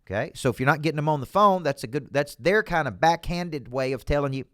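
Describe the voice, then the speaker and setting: A man with a Southern US accent, a business coach hosting a motivational show from a studio, talking in a folksy, punchy, energetic way. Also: fairly high pitch, quick pace, no room sound. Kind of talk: motivational talk to camera.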